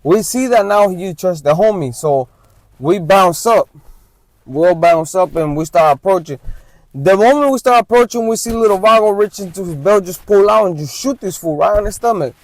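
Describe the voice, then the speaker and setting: A man's voice: high voice, animated, normal speed, no room sound, poor audio. A man casually telling a true street story, with loose restarts and "right?" asides.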